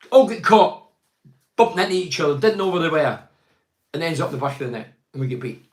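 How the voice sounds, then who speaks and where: An older Scottish football pundit with a slightly high voice reviews a match on a live stream, his sound a bit roomy. Frustrated, he rambles, stammers, and keeps restarting his sentences.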